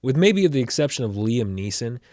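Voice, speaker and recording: A man co-hosting a casual podcast chat as its producer, telling stories in a relaxed, conversational way. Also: mid-range voice, fairly quick, no echo, studio quality. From United States.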